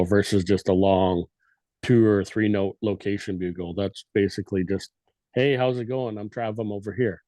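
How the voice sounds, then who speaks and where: A man's voice: on the low side, mellow, dry recording. A man on a podcast casually explaining elk cow calls and sometimes mimicking them with his voice. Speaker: guest elk calling expert.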